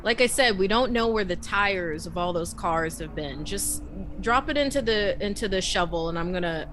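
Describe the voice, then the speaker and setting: A woman's voice: on the low side, moderate pace. Earnest woman roleplaying with urgency. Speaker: player. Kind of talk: in-character roleplay.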